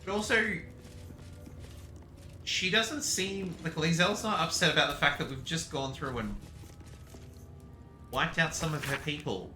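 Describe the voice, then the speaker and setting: Slow, chatty gaming streamer. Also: male voice, on the high side, bright, forceful tone, reverberant, soft background music. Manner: chatty, meandering, talks to his cat. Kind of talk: casual let's-play commentary.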